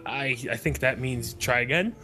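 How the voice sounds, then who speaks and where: A man's voice: medium pitch, moderate pace, over music. A young man bantering and teasing while playing an online board game with friends. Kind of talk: casual gaming chat.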